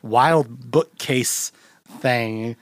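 A young man hosts a laid-back film podcast and rambles through his thoughts with plenty of fillers and laughs. His voice sits at an ordinary middle pitch, and the sound is dry and close. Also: very slow, dry recording. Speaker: podcast host. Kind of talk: casual film chat.

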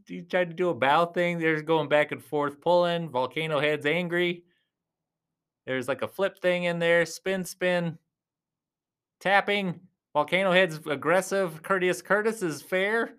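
At a live arm-wrestling event, a vlogger offers casual play-by-play commentary in an unhurried, clear, resonant voice. He's chatty, laughs often and swings his pitch lively.

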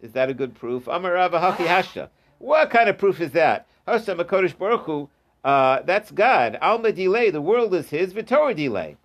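A man's voice: sits high, sing-song, normal speed. A man giving an informal Talmud lesson, reading the Aramaic text and explaining it in English with frequent fillers and restarts. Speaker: Talmud teacher.

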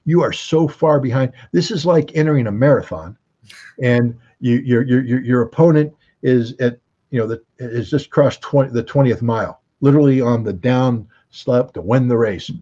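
A man's voice: mid-range voice, normal speed, warm tone, highs cut off. A man giving casual political commentary, emphatic and full of rhetorical questions, often restarting his sentences. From United States.

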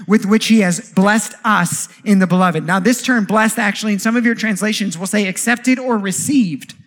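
A man preaching a sermon as pastor, animated, with jokey asides and rhetorical questions. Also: high-pitched.

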